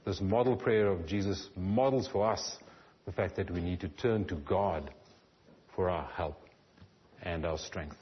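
A man with a fairly low voice preaches a sermon in an earnest tone. His phrases often trail off softly at the ends. The recording sounds dull and lo-fi. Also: a little slow, slight background noise. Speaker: pastor.

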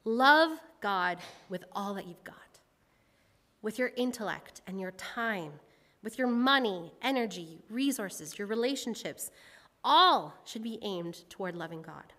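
A woman's voice: mid-range voice, lively intonation, a little slow, bright, forceful tone. A woman preaching a sermon, leading her congregation in a reading and then explaining it in a conversational, earnest way. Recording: long hall reverb.

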